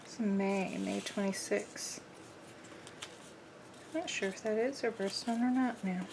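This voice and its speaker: Middle-aged woman, craft vlogger, unhurried rambling chat, gravelly voice, faint background hiss. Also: mid-range voice. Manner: rambling, many "like" fillers. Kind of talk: casual chat while crafting.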